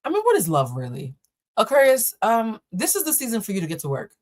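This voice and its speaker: A woman's voice: on the high side, wildly swooping pitch, quick pace. A woman hosting a live-stream tarot reading on a laptop setup, talking casually with viewers, laughing and joking and swearing freely. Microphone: laptop or camera setup.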